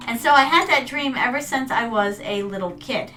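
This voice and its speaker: A woman's voice: fairly high pitch, normal speed, pushed and bright, recorded from a distance, faint music behind. A woman VTuber chatting casually while gaming, telling stories and calling her viewers "my darlings". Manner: storytelling, calls viewers "my darlings". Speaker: VTuber streamer.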